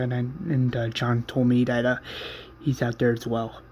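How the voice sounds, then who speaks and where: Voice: mid-range voice, fairly even intonation, normal speed, darkish tone, a little hiss or hum. A narrator casually retelling an episode's plot, rambling with many fillers and restarts.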